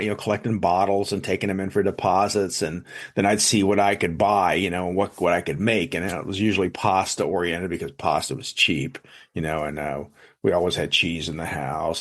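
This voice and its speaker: A man's voice: sits low, a bit bright. A man, a chef and food blogger, chatting as a guest, telling stories in a rambling way full of fillers and restarts. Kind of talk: casual storytelling in an interview. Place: lives in South Jersey.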